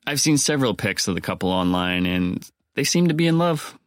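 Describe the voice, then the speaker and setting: A man's voice: lowish voice, sing-song, fairly quick, dry recording. A man hosting a podcast on his own, talking casually and cracking dry jokes to his listeners. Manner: wry, joking asides. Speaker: podcast host.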